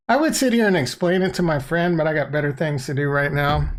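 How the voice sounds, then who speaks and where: A man's voice: on the high side, animated, brisk, few pauses. A man talking casually on a livestream as a crypto YouTuber, loose and rambling, playful and blunt, close to a desk microphone.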